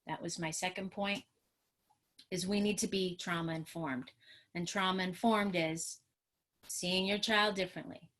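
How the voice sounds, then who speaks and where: Woman, trauma specialist, parenting webinar, emotional, animated, acts out parent talk, video call mic. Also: on the low side, a little slow. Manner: emotional and animated, acting out what a parent says to a child. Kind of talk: expressive webinar teaching.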